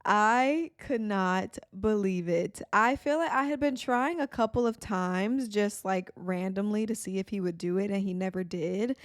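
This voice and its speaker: Chatty young woman, crisp dry voice. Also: medium pitch, a little slow, hardly any pauses, dry recording. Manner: chatty, frequent "like" fillers. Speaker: podcast host. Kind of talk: casual chat.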